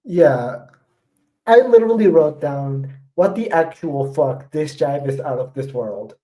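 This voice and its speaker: A man's voice: fairly high pitch, expressive, measured pace, mellow, poor audio. A man co-hosting a casual podcast, enthusiastic and effusive, with casual swearing now and then. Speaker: podcast co-host. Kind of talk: casual chat.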